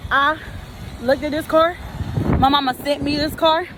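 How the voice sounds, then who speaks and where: A young woman vlogging outdoors beside a car, talking to her viewers on a phone camera. Her voice sits fairly high and she speaks slowly, repeating her phrases. Faint outdoor noise runs under her. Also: steady tone. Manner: chatty, repeats phrases, addresses viewers as y'all. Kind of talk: casual vlog chat to viewers.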